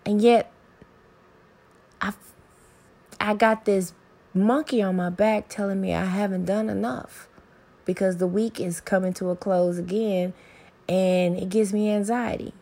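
Woman host, gravelly edge, candid rambling monologue with salty asides. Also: medium pitch, fairly even intonation, unhurried, pauses often, dark tone. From American South. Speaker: podcast host. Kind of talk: casual solo podcast monologue.

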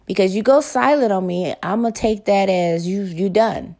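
A woman's voice: mid-range voice, moderate pace, a little mellow. A woman in a casual monologue, talking bluntly and swearing freely, acting out both sides when she retells arguments.

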